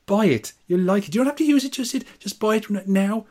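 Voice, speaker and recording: A man voicing his own talking wallet, coaxing and wheedling him to buy something. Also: a little fast. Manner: coaxing, wheedling, high and lively. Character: pushy talking wallet urging a purchase.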